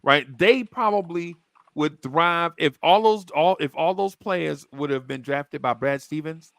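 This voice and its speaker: Gravelly new guy on a dry podcast mic, chatty storyteller, voice sits a bit high. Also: unhurried, no echo. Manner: animated storyteller, acts out quotes. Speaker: podcast host. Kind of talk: casual sports chat.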